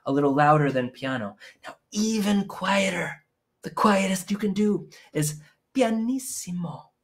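A man's voice: high voice, lively intonation, measured pace. A man teaching young children music over a live stream from home, talking playfully and singing a silly song between explanations into a microphone on a stand.

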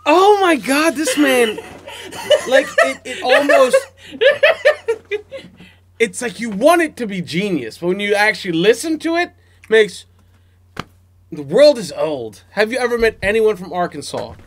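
A man's voice: high voice, big pitch swings, unhurried, long pauses, a little hiss or hum. An American man reacting to a comedy clip in casual chat, exclaiming and laughing in disbelief. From United States. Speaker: reaction channel host.

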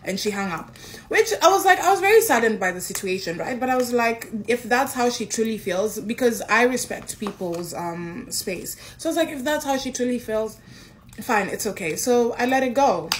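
Young woman from Kenya, higher voice, animated casual storyteller, faint hiss behind. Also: moderate pace. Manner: animated, excitable, acts out quotes.

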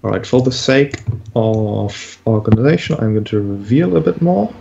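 A man running a tabletop game as game master, giving calm, matter-of-fact rulings. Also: lowish voice, normal speed, creaky. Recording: dull lo-fi mic.

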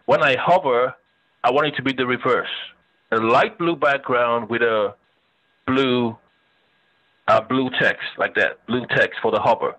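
Bright-voiced man teaching web design. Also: mid-range voice, measured pace, pauses often, rough recording. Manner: chatty, thinks aloud while demonstrating; joking with students. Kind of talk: casual screen-share lecture.

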